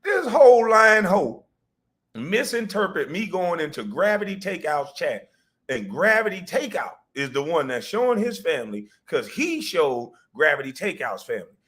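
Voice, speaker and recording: A man's voice: a little high, fairly bright tone. A man hosting a livestream, ranting profanely and mockingly, breaking into laughter. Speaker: livestream host. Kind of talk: profane comedic rant.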